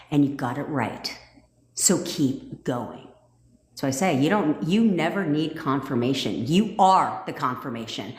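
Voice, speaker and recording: Woman, livestream coach, low voice, profane, excitable, laughs a lot, echoey room. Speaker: manifestation coach hosting a livestream. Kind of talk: casual livestream chat with viewers.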